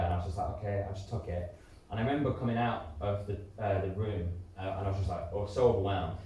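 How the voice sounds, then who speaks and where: A man in his thirties talks candidly as a guest at a live interview, his speech full of fillers and restarts. His voice sits a little low, and it comes from a distant mic in a very echoey hall with a faint noise underneath. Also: fairly even intonation, brisk, dark tone. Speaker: interview guest, musical theatre performer. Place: community centre hall before an audience.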